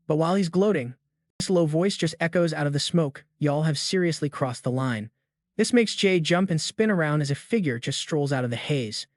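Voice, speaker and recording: A man's voice: fairly high pitch, lively intonation, fairly quick, no room sound, clean studio sound. Slangy man narrating a story recap. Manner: jokey, slang-heavy asides.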